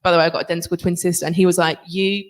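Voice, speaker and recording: A woman's voice: lowish voice, little pitch movement, very fast. A woman rugby player and coach answering panel questions in a chatty way, with many fillers and restarts.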